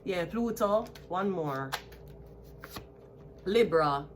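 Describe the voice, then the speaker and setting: A woman's voice: mid-range voice, normal speed, slight background noise. A Jamaican woman in her thirties, a tarot reader talking to camera in a defiant, profanity-heavy style that slips between patois and English. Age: 30s. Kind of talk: ranting to camera.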